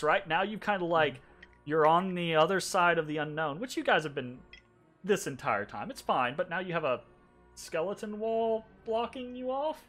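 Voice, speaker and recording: A man's voice: fairly high pitch, pushed and bright. A man running a tabletop game as game master, narrating casually with many fillers.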